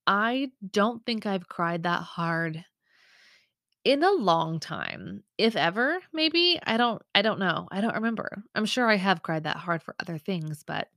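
A woman's voice: mid-range voice, sing-song, unhurried, a bit bright, no echo, clean studio sound. A woman in her thirties hosting a podcast, telling a story in a chatty, emotional way with lots of fillers and asides. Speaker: podcast host. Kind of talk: casual storytelling chat.

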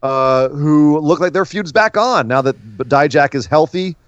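A man's voice: a little high, moderate pace, muffled recording. A man co-hosting a casual wrestling talk show, chatty and prone to repeating words as he starts a thought. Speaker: podcast co-host.

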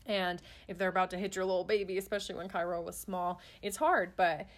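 A woman's voice: fairly low pitch, fairly even intonation, fast talker. A woman who is a parent, talking in a casual, earnest way with many fillers and restarts. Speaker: parent guest on a podcast. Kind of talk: casual chat.

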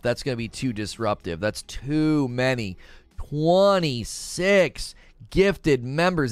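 Man, stream host, sarcastic rant, very lively pitch, soft music underneath. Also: clear, resonant tone, no room sound. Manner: sarcastic, mocking ranting. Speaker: livestream host. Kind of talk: live stream commentary reading chat.

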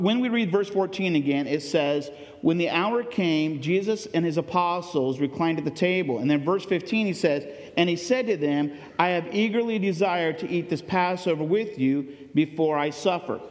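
Male pastor, earnest conversational sermon, fairly high voice, long hall reverb. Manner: earnest, conversational preaching with fillers.

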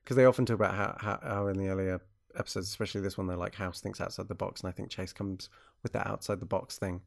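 Gravelly low-voiced man chatting. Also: fairly even intonation, quick pace. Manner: rambling, many restarts and fillers. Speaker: podcast co-host. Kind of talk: casual chat about a TV show.

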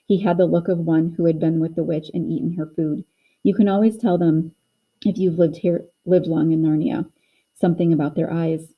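A woman reading a children's storybook aloud in a measured storytelling manner. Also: low-pitched, level tone, husky, lo-fi sound. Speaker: audiobook narrator. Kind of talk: scripted narration.

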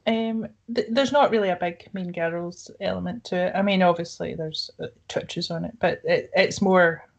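A woman's voice: on the low side, steady tone, vocal fry, poor audio. Chatty giggly woman podcaster. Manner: giggly, chatty, quick to laugh. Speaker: podcast co-host. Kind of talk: casual chat.

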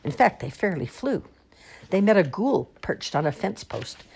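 A woman reading children's picture books aloud in an expressive, sing-song storytelling manner. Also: mid-range voice, measured pace, vocal fry, slightly rough.

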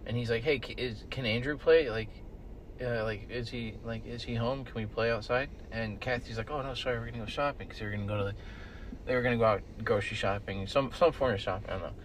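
Young man, casual podcast chat, rambling, swears, medium pitch, faint background noise. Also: steady tone, fast talker. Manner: rambling storyteller, swears a lot, loud bursts when quoting. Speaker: podcast co-host. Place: in a car with friends.

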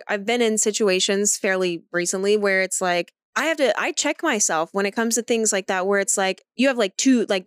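A woman's voice: mid-range voice, clear, resonant tone, no echo, clean studio sound. A woman co-hosting a podcast in casual chat, talking things through at length, candid and swearing freely. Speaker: podcast co-host.

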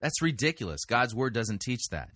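A man's voice: medium pitch, expressive, moderate pace, pushed and bright, no room sound, clean studio sound. A man hosting a show of sermon reviews, talking in a firm, corrective, argumentative way. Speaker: podcast host reviewing sermons. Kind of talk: critical commentary.

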